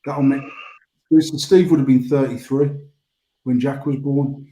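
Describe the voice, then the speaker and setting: A man's voice: mid-range voice, fairly even intonation, unhurried, dark tone, echoey room, highs cut off. A British man in his forties telling rambling stories in casual banter, swearing freely. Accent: British English. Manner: rambling storytelling, frequent swearing. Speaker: podcast host.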